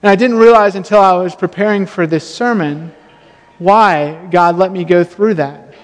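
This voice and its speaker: A man with a high voice preaches in a church hall, and his words ring out with a long, hanging reverb. He tells a personal story with self-deprecating humor and brings quoted lines to life. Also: normal speed. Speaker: pastor.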